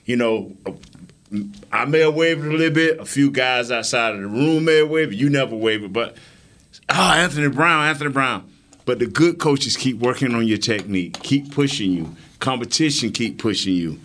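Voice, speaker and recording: A man co-hosting a sports talk show who speaks emphatically and gives shout-outs to players. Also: mid-range voice, moderate pace.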